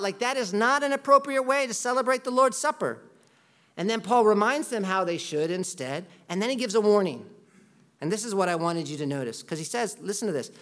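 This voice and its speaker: A man preaching a conversational sermon as a pastor, talking loosely with lots of "like" and bursting into loud quoted voices. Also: high-pitched, lively intonation, brisk. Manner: chatty, peppered with "like", jumps into loud quoted voices.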